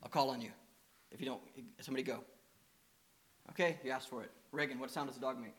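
A man preaching a sermon. He tells lively stories and coaxes the children with questions. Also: medium pitch, quick pace, husky. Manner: lively anecdotal storytelling, coaxing questions to children.

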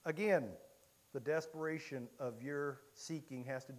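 A man from Illinois preaching a sermon, telling a story with many halting restarts. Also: on the high side, fairly even intonation. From Illinois, USA.

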